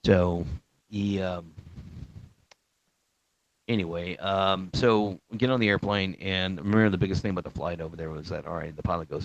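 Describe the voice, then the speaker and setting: Man, very deep, rough gravelly voice, rambling profane storytelling, muffled lo-fi sound. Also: steady tone, fairly quick. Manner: rambling, profane, with many fillers and restarts. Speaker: Marine veteran telling a story. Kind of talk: casual storytelling. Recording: dull, slightly lo-fi sound.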